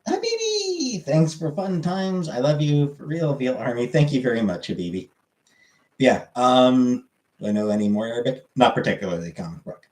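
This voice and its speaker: A man chatting casually as a streamer, answering viewer comments in a halting, rambling way with lots of fillers. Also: mid-range voice, a little mellow, roomy sound, poor audio.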